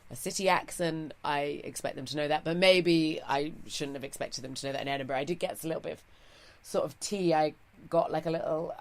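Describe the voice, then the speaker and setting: Posh low-voiced English woman comedian. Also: fairly quick. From England. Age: 30s. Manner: wry and self-mocking, loose and chatty. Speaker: comedian, guest. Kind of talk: stand-up set, then casual interview chat.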